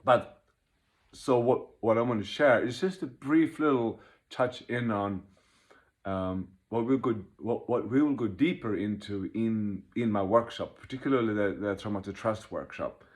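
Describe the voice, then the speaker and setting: Fast, animated man leading a workshop. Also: lowish voice. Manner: fast, animated, laughs at himself; acts out inner voices while explaining. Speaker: workshop leader. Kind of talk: informal teaching talk.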